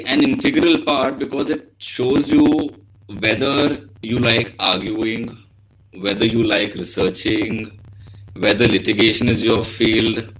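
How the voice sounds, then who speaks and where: A man, a practising lawyer, giving an earnest, measured talk to law students over a video call and addressing the audience directly. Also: medium pitch, fairly bright tone, poor audio. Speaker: guest speaker, litigating lawyer.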